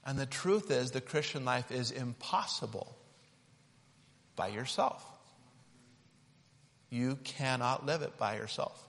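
A man's voice: mid-range voice, takes it slowly, vocal fry, pauses often, a bit bright, big-room sound. A man preaching a sermon built around a hands-on object lesson, talking in a conversational, playful and demonstrative way.

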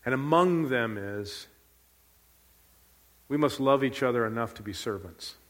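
A man's voice: medium pitch, lively intonation, measured pace, fairly bright tone, long reverb tail. A man preaching a sermon as pastor, earnest and emphatic, repeating key phrases.

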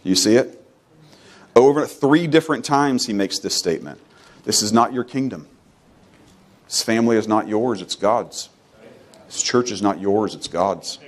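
A man preaching a sermon with emphatic delivery, repeating phrases and swinging between loud, high exhortation and quiet, low asides. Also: unhurried, long pauses.

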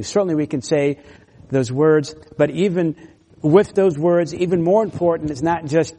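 A man's voice: a little high, normal speed, dark tone. A man preaching a sermon as pastor, earnest and emphatic, with brief laughs and restarts. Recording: long hall reverb.

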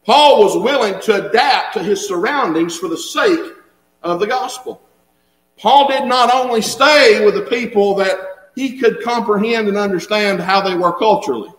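A man's voice: high-pitched, normal speed, a bit bright, echoey room, poor audio. A man preaching a conversational sermon to a church, folksy, chuckling as he talks and repeating words. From Southern United States. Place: church sanctuary.

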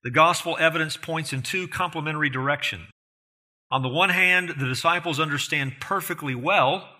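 A man's voice: on the high side, normal speed, pushed and bright. A man preaching an expository sermon, earnest and emphatic, often putting rhetorical questions to his listeners. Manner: emphatic, rising in force on key points.

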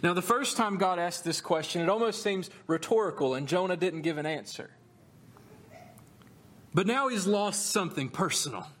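A male pastor preaching a sermon, telling the story in an animated, conversational way with humorous asides. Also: sits high.

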